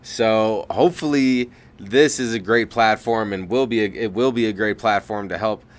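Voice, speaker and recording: A man's voice: lowish voice, moderate pace. A man hosting a podcast, chatting casually and encouraging his guest. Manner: friendly, encouraging, chimes in with short reactions. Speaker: podcast host. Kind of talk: casual interview chat.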